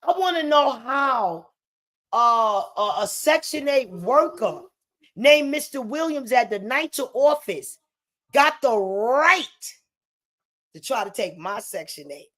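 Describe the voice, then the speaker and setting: A woman from the United States, ranting heatedly to the camera at home and swearing freely, her voice rising into shouts. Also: fairly high pitch, expressive, slow. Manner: heated, profane, breaks into shouting. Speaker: vlogger. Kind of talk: angry direct-to-camera rant. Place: home in the Bronx.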